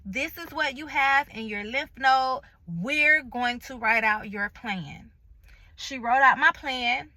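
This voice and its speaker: A woman with a high, bright, sharp voice tells a personal story straight to her viewers. She talks emphatically and colloquially, acting out each conversation she retells. The recording is dry and close, with no room sound. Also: takes it slowly, no room sound, rough recording. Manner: colloquial, chatty, addresses viewers directly. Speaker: vlogger sharing a health update.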